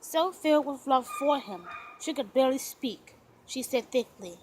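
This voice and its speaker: A woman reading a romance novel aloud as narrator in an unhurried, gentle storytelling manner. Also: sits high, slight background noise, rough recording. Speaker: audiobook narrator.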